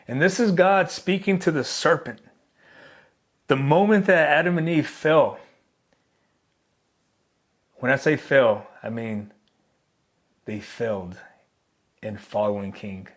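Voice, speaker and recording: A man of ordinary pitch preaching a Bible lesson. He teaches earnestly and emphatically, slowing down to stress key phrases and lifting his voice on questions. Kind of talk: sermon.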